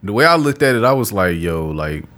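A man's voice: medium pitch, lively intonation, fast, bright, forceful tone. A man with a Detroit accent in casual chat, laid-back and joking, laughing often.

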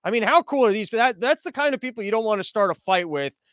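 High-voiced profane rambling man. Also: expressive, fast, fairly bright tone, no echo. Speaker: podcast host. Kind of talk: casual monologue.

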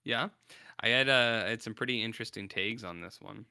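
A man's voice: on the low side, brisk, creaky, pushed and bright, clean tone, no echo, clean studio sound. A man co-hosting a podcast in a casual, rambling chat, laid-back and sometimes swearing. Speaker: podcast co-host.

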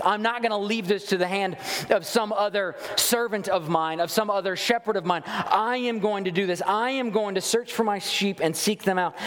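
High-voiced male preacher in a reverberant hall. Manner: reads scripture slowly, then explains with animated emphasis. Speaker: pastor. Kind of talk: sermon. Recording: long reverb of a large hall.

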